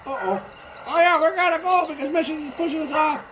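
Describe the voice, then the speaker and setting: A woman hosting a playful toy-play video, chatty and lively, with music underneath. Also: sits high, brisk, background noise. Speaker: channel host.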